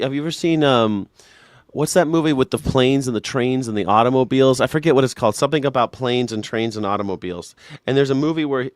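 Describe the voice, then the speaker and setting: A man's voice: mid-range voice, dry recording, clean studio sound. A man hosting a live reaction show, ranting in a profane, sarcastic way.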